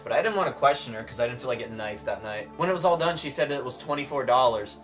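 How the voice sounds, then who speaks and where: A man's voice: medium pitch, animated, fast talker, a bit bright, soft background music. A young man telling an exaggerated comic story to the camera, rambling and saying "like" a lot.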